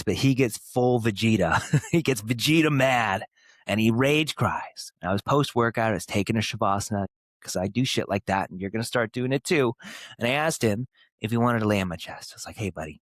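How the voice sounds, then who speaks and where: Earnest man with a low, dry voice. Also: dry recording. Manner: earnest, emphatic, with pauses and short punchy phrases. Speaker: podcast host. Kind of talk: motivational podcast monologue.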